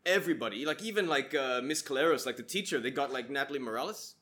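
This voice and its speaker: A man's voice: medium pitch, animated, quick pace, bright, forceful tone. A man co-hosting a podcast in casual film chat, gushing enthusiastically and swearing freely. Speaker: podcast co-host.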